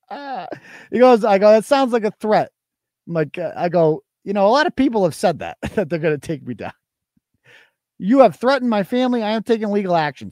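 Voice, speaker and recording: Animated, mocking male talk-show host. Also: high-pitched, no echo, clean studio sound. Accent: Boston. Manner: mocking, combative, profane. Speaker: podcast host. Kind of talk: livestream talk show rant.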